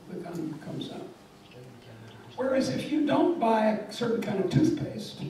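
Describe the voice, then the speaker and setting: This is a distant, echoey recording of an older woman lecturing publicly as a guest in a lecture hall, with a noisy background. Her medium-pitched voice carries a wry, emphatic style as she tells stories and jokes.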